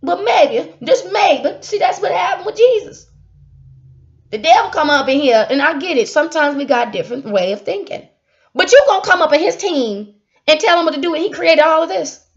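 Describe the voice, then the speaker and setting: A young woman giving a casual spiritual monologue, animated and preachy, swinging from loud outbursts to hushed asides. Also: very high voice, moderate pace, muffled recording. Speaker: speaker.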